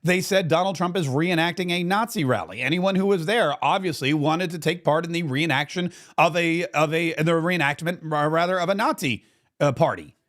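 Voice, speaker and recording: Hosting a political commentary show, a man with a fairly high voice speaks at normal speed. His opinionated commentary is indignant and animated, and he keeps circling back on his own phrases.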